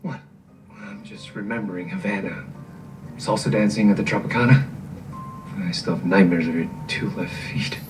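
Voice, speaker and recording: An actor playing a smooth, flirtatious male warlock who teases his partner playfully. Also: low voice, moderate pace, pauses often, close to an everyday voice. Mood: teasing. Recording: distant TV sound under music.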